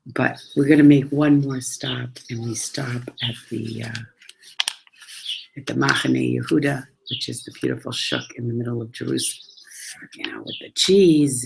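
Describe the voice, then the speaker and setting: A woman chatting casually about her travels, animated and acting out the dialogue as she tells each story. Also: extremely low pitch, vocal fry, heavy background noise.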